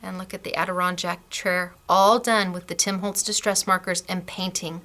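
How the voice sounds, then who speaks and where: A middle-aged woman hosting a craft class, chatting warmly and gushing over samples, laughing often. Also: on the low side, fairly even intonation, moderate pace. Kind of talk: casual product demo.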